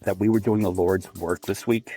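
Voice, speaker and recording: A man's voice: sits low, steady tone, dark tone, soft background music. A man co-hosting a podcast who cuts into the chat with playful interruptions. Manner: playful interrupter who jumps in with quick remarks. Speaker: podcast co-host.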